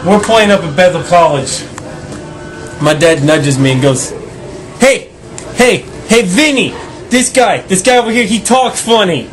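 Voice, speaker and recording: A man's voice: high-pitched, expressive, measured pace, long pauses. Man as a rambling bookie. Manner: rambling, repetitive storyteller. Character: boastful male bookie and agent. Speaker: interviewee. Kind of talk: improvised mockumentary acting. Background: music.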